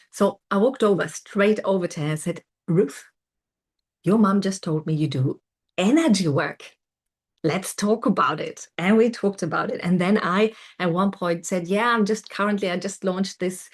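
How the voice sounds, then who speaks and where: A middle-aged woman tells a personal story as a coach and host, animated, repeating words for emphasis and acting out her inner voice. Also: on the low side. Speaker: self-development coach and host.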